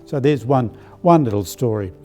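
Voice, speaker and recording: An older Australian archbishop telling personal stories in a live-streamed spiritual talk, with a gentle anecdotal manner and many fillers. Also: male voice, mid-range voice, expressive, normal speed, faint music behind. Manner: warm anecdotal, hesitant with fillers.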